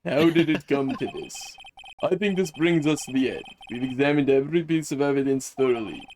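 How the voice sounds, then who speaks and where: A man's voice: mid-range voice, brisk, a little mellow, a little hiss or hum, natural voice. A man voicing a stern, formal male courtroom judge from a game, reading the lines aloud.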